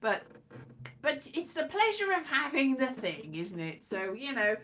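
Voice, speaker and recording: A woman's voice: high-pitched, big pitch swings, unhurried, a bit bright, a little hiss or hum. A British woman, a comedian, chatting casually to her live-stream viewers, rambling and self-mocking, now and then breaking into sung phrases. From Britain.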